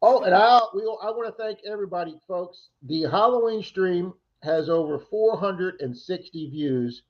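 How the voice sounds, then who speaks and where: This livestream co-host has a high voice and a moderate pace, rambling through stories in casual chat and voicing other people's lines. Dull, lo-fi stream audio captures him.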